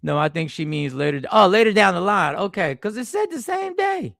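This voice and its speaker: A man hosting a casual livestream from an airport, greeting the chat by name and reacting to their comments in a lively, slangy way. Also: high-pitched, fairly quick, creaky, dry recording, clean studio sound. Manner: animated, slangy, reacts to chat with sudden exclamations. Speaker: livestream host.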